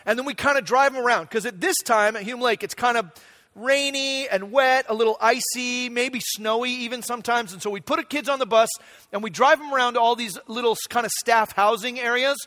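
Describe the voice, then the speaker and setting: A man with an unusually high-pitched voice preaches a sermon in a church. He talks in a relaxed, conversational way and keeps turning to the room with "right?" to check that people are following. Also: a little fast. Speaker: pastor. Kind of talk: sermon with personal story.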